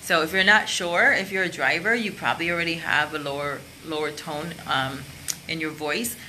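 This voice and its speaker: Low-pitched woman coach, forceful bright tone, open and chatty, shows it with her voice. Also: fairly even intonation, normal speed, slight background noise, poor audio. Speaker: career and sales coach. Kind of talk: casual coaching talk to camera.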